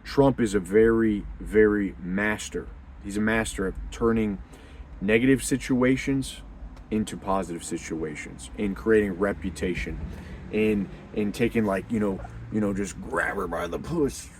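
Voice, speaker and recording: A young man hosting a men's community video, talking casually and bluntly, calling the listener dude, with loud emphatic bursts. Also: lowish voice, unhurried, slight background noise. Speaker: host of a men's community channel. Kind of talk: casual unscripted monologue.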